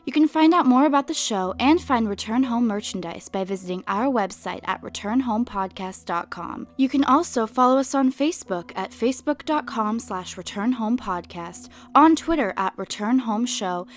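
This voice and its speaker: A woman announcing a podcast's end credits in a brisk, scripted reading. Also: fairly high pitch, lively intonation.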